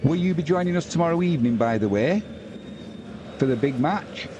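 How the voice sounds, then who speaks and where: A man's voice: a little high, lively intonation, brisk, highs cut off, noisy background. A man hosting a live football watch-along, commentating and chatting casually with viewers. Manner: chatty, talks to viewers and reads out chat messages.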